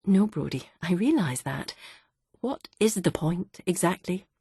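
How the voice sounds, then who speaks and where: A calm, patient wife soothes her husband with soft, gentle teasing, as a woman narrator voices her. Her tone is husky and a little low, recorded dry and close. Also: a little slow, dry recording, full character voice. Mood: soothing.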